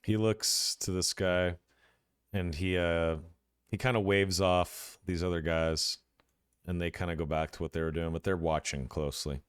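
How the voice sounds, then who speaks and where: A man's voice: low-pitched, steady tone, normal speed, smooth, no echo, clean studio sound. A man narrating as game master of a tabletop role-playing game, hesitant, with many fillers and restarts.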